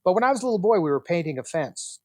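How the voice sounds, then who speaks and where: A man's voice: sits high, very fast, no echo, studio quality. A man in his sixties, a podcast guest who tells family stories and acts out the dialogue. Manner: animated storyteller, acts out quoted dialogue. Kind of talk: storytelling interview.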